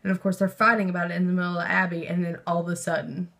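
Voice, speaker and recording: A young woman vlogger talking about a book in a casual, rambling way, excitable, with lots of fillers and swearing. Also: on the low side, very fast, gravelly. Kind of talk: casual book review chat.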